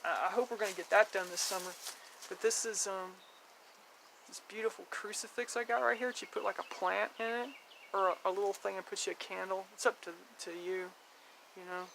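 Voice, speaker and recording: A woman's voice: mid-range voice, steady tone, brisk, vocal fry, a bit bright. Woman, casual garden tour, rambling chatty talk, outdoors, phone camera, faint outdoor noise. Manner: chatty, rambling, laughs often, blunt with mild swearing. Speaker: vlogger giving a garden tour.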